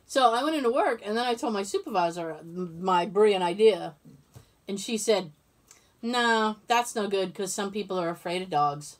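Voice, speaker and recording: On a podcast she co-hosts, a woman chats casually and tells stories animatedly, laughing often, in a medium-pitched voice at a moderate pace.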